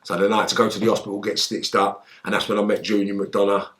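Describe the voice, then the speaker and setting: A man, a guest in an interview, telling a story in lively, swearing style and acting out the lines he quotes. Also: lowish voice, quick pace. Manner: animated, swearing, acts out shouted quotes.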